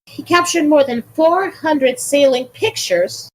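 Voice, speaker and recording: High-voiced giggly woman podcast host. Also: slow, poor audio. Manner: giggly, reads with frequent laughs. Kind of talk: casual chat, reading aloud.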